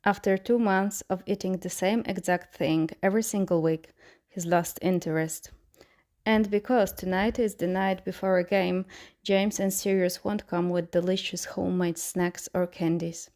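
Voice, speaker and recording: A woman narrates a fan-fiction chapter in a steady, soft reading voice. Her tone is low and mellow, with a gravelly, creaky texture. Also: moderate pace. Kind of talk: story reading.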